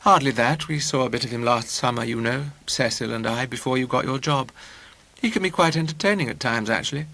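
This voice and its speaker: A man voicing a poised, mature woman who speaks in a very clear, dry, ironic way. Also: medium pitch, brisk, sharp tone. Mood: wry. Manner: abnormally clear, dry irony.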